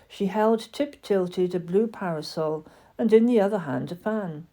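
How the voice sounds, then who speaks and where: A woman reading a children's story aloud in a gentle, expressive narration. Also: mid-range voice, unhurried. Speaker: audiobook reader.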